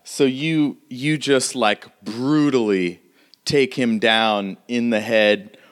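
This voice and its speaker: A man's voice: mid-range voice, slow. A man narrating a tabletop game as game master, describing the action casually and vividly, with lots of fillers.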